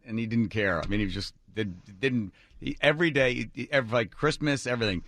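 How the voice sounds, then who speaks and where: A man's voice: lowish voice, a little fast, no room sound. A man hosting a radio talk show, telling a personal story and acting out what others said. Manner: animated, acts out quotes of others. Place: radio studio.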